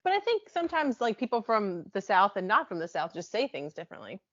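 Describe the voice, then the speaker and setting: A woman's voice: medium pitch, sing-song, quick pace, fairly bright tone, highs cut off. A woman co-hosting a podcast in casual chat, asking curious questions and laughing often. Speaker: podcast co-host.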